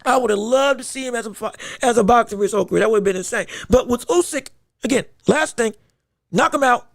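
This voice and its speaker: Male podcast host, gravelly, dry close sound, animated, laughs often, repeats words. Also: very high voice, fast, dry recording. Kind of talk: casual boxing podcast commentary.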